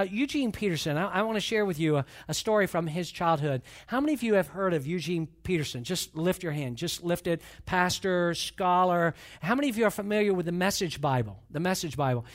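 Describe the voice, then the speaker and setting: A man preaching a sermon as pastor, reading and retelling a story with rising, emphatic intensity. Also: sits high. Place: church.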